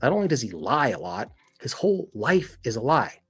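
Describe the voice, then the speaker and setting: Husky casual man, emphatic chat. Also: medium pitch, moderate pace, soft background music. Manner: animated, emphatic, heavy use of "like" and "dude". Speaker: podcast host.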